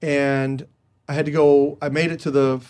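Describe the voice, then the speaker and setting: A man as an interview guest, telling stories casually and with energy, jumping higher in pitch when he quotes others. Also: moderate pace. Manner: animated, jumps higher when quoting others; chatty with many restarts. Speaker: guest comedian.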